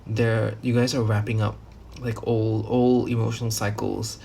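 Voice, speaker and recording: A man's voice: lowish voice, flat delivery, a little slow, vocal fry, dark tone, slight background noise. A man giving a casual tarot reading, rambling loosely with many fillers and restarts and the odd swear word. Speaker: tarot reader.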